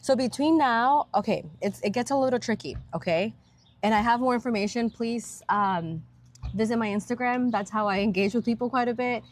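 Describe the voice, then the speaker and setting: A woman's voice: on the high side, brisk, slight background noise. A woman speaking as a podcast guest, earnest and upbeat in casual conversation. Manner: earnest and upbeat, talks about civic engagement. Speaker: guest, county attorney. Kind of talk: casual interview chat. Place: outdoors in a park.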